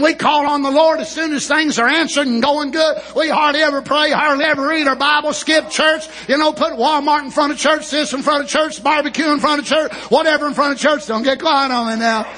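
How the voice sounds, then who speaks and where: High, bright-voiced shouting preacher. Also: male voice. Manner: impassioned, preaching in shouted bursts with drawn-out phrases. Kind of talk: shouted sermon.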